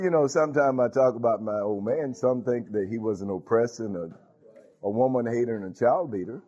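Male preacher, animated sermon delivery, frequent laughs, dull lo-fi recording. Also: medium pitch. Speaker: pastor. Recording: dull lo-fi sound.

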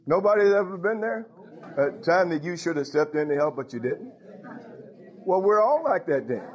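Male preacher, sermon, conversational and teasing, slightly high voice, muffled lo-fi recording. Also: lively intonation, normal speed. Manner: conversational and teasing, with frequent laughs and asides. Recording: dull lo-fi recording.

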